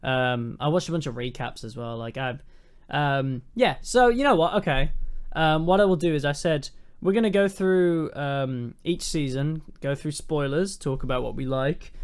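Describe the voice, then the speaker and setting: Young male podcast co-host, slightly high, smooth tone, loose rambly delivery full of fillers. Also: normal speed. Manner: rambling, swearing, frequent ums. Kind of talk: casual review chat.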